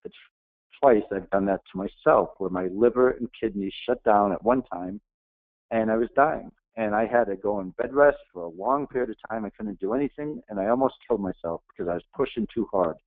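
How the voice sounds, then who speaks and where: A man's voice: on the low side, animated, fairly quick, gravelly, dry recording. A middle-aged man giving an earnest, emphatic motivational talk as a guest speaker. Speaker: guest speaker, retired Navy SEAL. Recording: tinny phone-like, dry.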